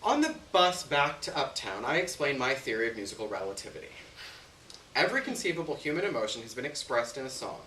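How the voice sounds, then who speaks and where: A man reading a story aloud on stage in an expressive first-person narration. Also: medium pitch, quick pace. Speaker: story reader. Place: stage venue. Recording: roomy, distant, faint hiss.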